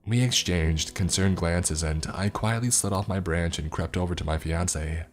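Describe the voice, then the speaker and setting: A man narrating a horror story in a steady, measured way. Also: sits low.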